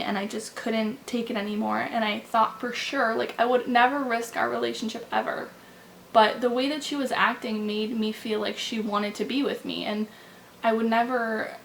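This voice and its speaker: A young woman tells a personal story to her camera, candid and halting, with frequent likes and restarts. Her voice sits in a middle pitch with a gravelly, creaky edge. A faint hiss of room noise from an open window sits behind her. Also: poor audio. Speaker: vlogger. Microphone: camera mic.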